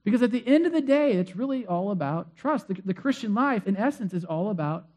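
A man's voice: high-pitched, lively intonation, fairly quick, darkish tone. A male pastor preaching a sermon in a conversational, storytelling way with frequent fillers.

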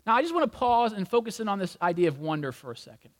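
Speaking fast in a high, sing-song voice, a male pastor delivers a sermon in church through humorous, conversational storytelling. The recording carries a long reverb from the large hall.

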